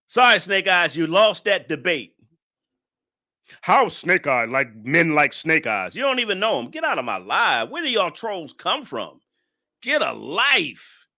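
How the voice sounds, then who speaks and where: A man's voice: fairly high pitch, sharp tone. A man hosting a live stream reaction, talking to his chat in a mocking, laughing way.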